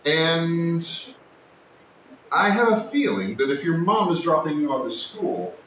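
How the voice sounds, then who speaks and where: A man hosting a casual woodworking livestream, chatting and joking with his viewers, sometimes yelling, recorded in a workshop. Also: sing-song, unhurried. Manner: joking, teasing, with sudden yells. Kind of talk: casual live-stream chat with viewers. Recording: echoey room, distant mic, faint rumble.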